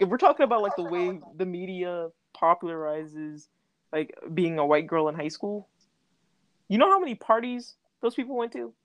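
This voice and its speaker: A young adult woman talking in casual podcast chat, laughing often and using lots of fillers. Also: low-pitched. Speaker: podcast co-host.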